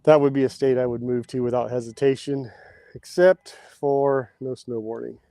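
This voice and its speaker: A man's voice: medium pitch, moderate pace, creaky, warm tone, no echo. A man, hosting a casual outdoor livestream and chatting with viewers while he works. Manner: chatty, reads out viewer comments. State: out of breath at times. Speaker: livestream host. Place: outdoors, digging post holes.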